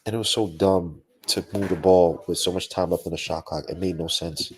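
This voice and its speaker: A young man hosting a live post-game basketball podcast, talking in an animated, slangy, ranting way with lots of asides. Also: deep voice, brisk, a little hiss or hum. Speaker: podcast host.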